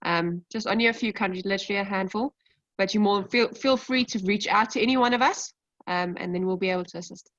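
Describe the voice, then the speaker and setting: A woman's voice: medium pitch, fast talker, fairly bright tone, dry recording. Woman, webinar panelist, reassuring, muffled dry audio. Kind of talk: answering audience questions. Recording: dry, dull sound.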